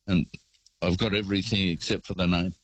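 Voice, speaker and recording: An Australian man phoning in to a radio show, his voice low and deep. He rambles through a relaxed story, and the sound is close and dry. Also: a little fast, slightly rough, no echo, low-quality recording. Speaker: caller. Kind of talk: casual phone-in storytelling.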